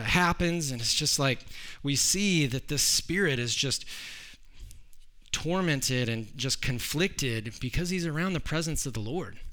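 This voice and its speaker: A man's voice: medium pitch, pushed and bright. A man preaching a sermon in a conversational way, often restarting his sentences. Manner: conversational, with frequent restarts and acted quotes.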